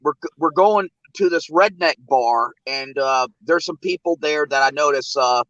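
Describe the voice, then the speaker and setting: Man, host, casual chat, rambling, bright tone. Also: fairly high pitch, unhurried, no room sound, lo-fi sound. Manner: rambling with many fillers.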